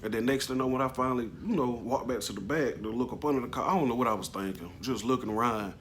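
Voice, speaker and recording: A man casually recounting a personal story, halting and slangy, with plenty of emotion. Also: mid-range voice, background noise. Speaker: vlogger telling a personal story.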